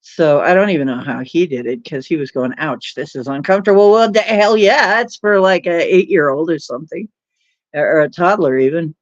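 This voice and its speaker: A woman's voice: lowish voice, expressive, brisk, no room sound. A woman hosting a livestream, rambling and laughing as she tells stories with lots of fillers. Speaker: livestream host. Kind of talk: casual storytelling chat. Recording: dull lo-fi dry sound.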